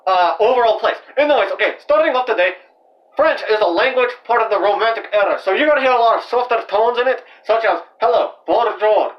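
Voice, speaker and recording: A man's voice: extremely high pitch, quick pace. A young man hosting his own channel, explaining language in a loose, rambling way full of fillers and restarts. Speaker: channel host. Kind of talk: casual amateur language explainer. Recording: dull, distant lo-fi home recording.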